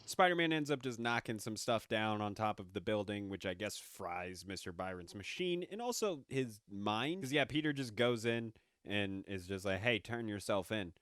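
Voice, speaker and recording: Excitable, swearing young movie reviewer. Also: male voice, lowish voice, moderate pace, hardly any pauses, clean tone, no room sound, clean studio sound. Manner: excitable, sarcastic and profane. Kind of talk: casual movie commentary.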